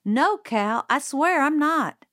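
A stubborn young boy pressing urgently to be believed, pitched well above the reader's own voice, as a woman puts him on. He talks at a slow, careful pace and sounds close and dry, with no room around him. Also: animated, a bit bright, dry recording, exaggerated voice. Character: anxious, mulish young boy.

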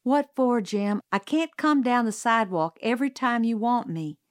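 A woman reading aloud who voices a brisk, no-nonsense housekeeper in a storybook, firm and loud. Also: fairly high pitch, lively intonation, dry recording, studio quality, natural voice. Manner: firm, scolding, calls out loudly.

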